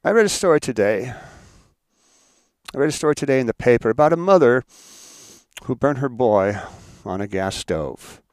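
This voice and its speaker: A man's voice: mid-range voice, expressive, normal speed, pauses often, smooth, no room sound, studio quality, lightly acted. A man voicing a cold, taunting mother. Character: cruel, menacing mother, a grown woman.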